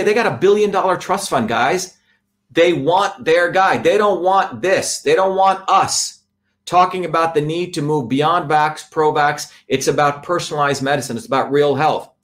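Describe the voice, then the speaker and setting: Emphatic man with a slightly high voice. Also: moderate pace, a bit bright. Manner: emphatic and repetitive, builds with lists. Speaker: speaker addressing a live audience. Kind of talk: impassioned political talk.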